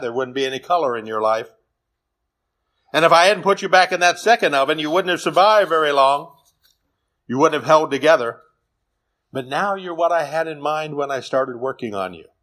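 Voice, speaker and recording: A man voicing a calm, patient master potter who gently explains his reasons. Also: normal speed. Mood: gentle. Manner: gentle, explaining, lower and softer.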